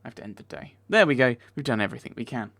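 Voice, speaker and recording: A man's voice: mid-range voice, lively intonation, very fast, creaky, a bit bright. A man giving let's play commentary, talking back to the game characters and getting easily exasperated. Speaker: video game player.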